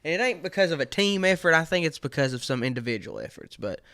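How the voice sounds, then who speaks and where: A man co-hosting a sports podcast, gruff and trailing off into mutters. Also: on the high side, big pitch swings, fast talker, pushed and bright, dry recording, studio quality. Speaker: podcast co-host. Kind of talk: casual sports chat.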